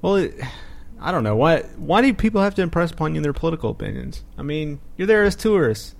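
A man's voice: on the high side, big pitch swings, quick pace, creaky. A man hosting a podcast, chatting casually and making wry jokes. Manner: joking, wry asides. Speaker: podcast host. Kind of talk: casual chat.

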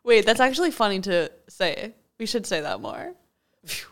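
A young woman co-hosting a podcast in casual chat, giggly and playful, with deadpan jokes. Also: medium pitch, normal speed. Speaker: podcast co-host.

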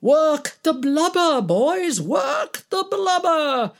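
A woman reading aloud plays a sardonic older actor with years in the company, mocking his boss as he gossips. His voice swings lively up and down and takes its time. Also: medium pitch, slow, pitched above the performer's own voice, exaggerated voice. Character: older male stage actor, sardonic veteran.

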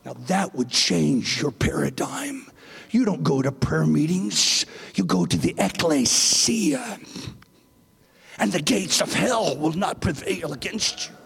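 A man preaching a sermon with passion, his voice surging up to shouts. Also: fairly high pitch, big pitch swings, slow, vocal fry, slightly rough. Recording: long reverb of a large hall.

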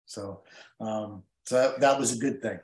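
A man's voice: lowish voice, a little slow. Emotional man telling a story, roomy sound. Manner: emotional, rambling with many fillers. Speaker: guest, tournament angler. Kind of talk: storytelling interview. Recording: roomy echo.

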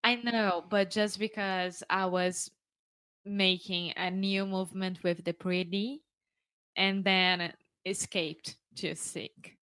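A woman's voice: mid-range voice, steady tone, slow pace, a bit bright, clear, resonant tone, dry recording. A woman with a Brazilian Portuguese accent, a native Portuguese speaker, practicing English pronunciation in a chatty, giggly way. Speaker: student.

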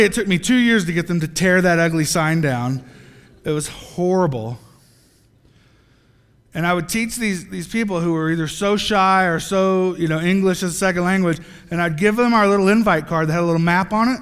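A man with a high, bright voice preaching to a crowd. He jokes and acts out small scenes as he talks. His voice rings with the long echo of a large hall. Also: clear, resonant tone. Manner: animated, joking, acts out little scenes. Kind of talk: sermon.

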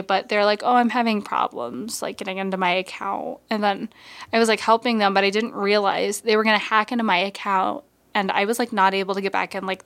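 A young woman talks casually as the host of a college radio show. She rambles in a chatty way and leans on lots of fillers. Her pitch sits in a typical middle range for a woman. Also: fairly bright tone. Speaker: podcast host. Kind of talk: casual chat.

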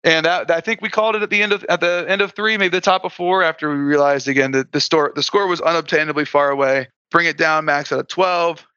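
Man, higher bright voice, casual podcast recap, dry and dull lo-fi audio. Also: steady tone, fast, hardly any pauses, clear, resonant tone, no room sound. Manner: recounting with restarts, light laughter. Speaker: guest player.

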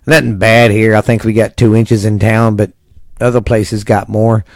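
A man's voice: lowish voice, flat delivery, normal speed, dry recording, clean studio sound. A man from Texas hosting a casual family podcast, easygoing and rambling, cursing now and then. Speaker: podcast host.

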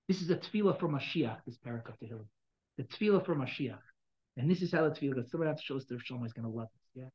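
Fast-talking man teaching a text class. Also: medium pitch, animated, breathy edge. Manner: fast, repetitive, checks in with students; mixes Hebrew text readings into English. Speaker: Torah teacher. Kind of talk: classroom text study lesson. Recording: dull lo-fi sound.

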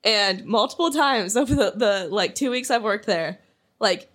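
Here a young podcast co-host speaks at a moderate pace, her medium-pitched voice animated and a bit bright. She giggles as she tells rambling stories on the casual chat show, with plenty of fillers and false starts.

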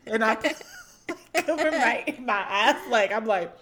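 A young woman in casual podcast chat, telling stories with an animated, laughing delivery. Her voice sits fairly high and swings widely in pitch. A faint hiss runs under her voice. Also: slow pace. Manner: animated storyteller, laughs often. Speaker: podcast co-host.

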